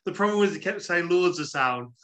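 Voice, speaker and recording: A man's voice: sits high, lively intonation, brisk, fairly bright tone. A man co-hosting a podcast, making dry, wry remarks about a film and often repeating his openings. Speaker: podcast co-host. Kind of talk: casual chat, film review.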